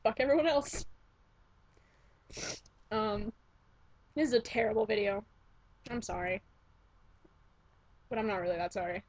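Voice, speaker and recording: A woman's voice: mid-range voice, steady tone, moderate pace, long pauses, no echo, dull audio. A young woman talking casually to her computer webcam at home, gushing and swearing as she rambles and interrupts herself. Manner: gushing, profane, self-interrupting. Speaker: vlogger. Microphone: computer webcam mic.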